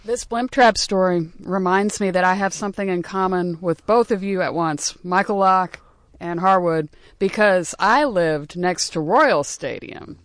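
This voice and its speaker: A woman's voice: lowish voice, measured pace, no echo. Woman, from Kansas City, playful casual host, dry close mic. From Kansas City, Missouri. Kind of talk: casual chat.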